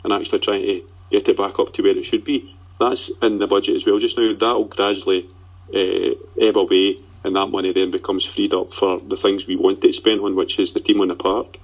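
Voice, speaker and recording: A Scottish man chats as a guest on a football podcast in a dry, matter-of-fact way. His voice sits low and husky, and the dull, lo-fi remote line takes the top off it. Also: little pitch movement, a little fast. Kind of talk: casual football podcast chat.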